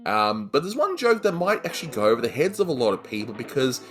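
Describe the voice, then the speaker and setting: A man's voice: mid-range voice, sing-song, fast, fairly bright tone. A man with an Australian accent, chatting casually as a co-host reviewing old cartoons, laughing often between fillers. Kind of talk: casual chat.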